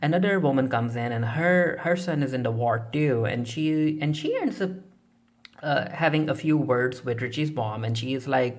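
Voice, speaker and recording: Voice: mid-range voice, animated, normal speed. A reviewer casually recapping a television episode, talking loosely with many fillers and restarts and retelling scenes through quoted dialogue. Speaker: TV show reviewer.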